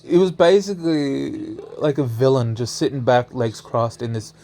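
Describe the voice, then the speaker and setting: A man's voice: mid-range voice, expressive, moderate pace, warm tone. A young man casually telling a strange story as a vlogger, laughing often and swearing freely.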